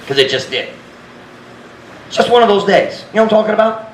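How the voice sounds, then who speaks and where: Guy preaching, kinda high voice, real frank, echoey church, bit of background hiss. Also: expressive, a little fast, long pauses. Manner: frank, earnest preaching that acts out his own prayers. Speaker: pastor. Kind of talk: sermon. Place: church sanctuary. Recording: echoey church room, faint noise.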